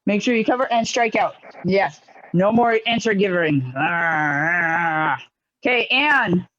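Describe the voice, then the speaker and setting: A man teaching a karate class online, giving brisk, encouraging commands. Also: high-pitched, lively intonation, fairly bright tone. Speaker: karate instructor. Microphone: video call. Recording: lo-fi video call audio.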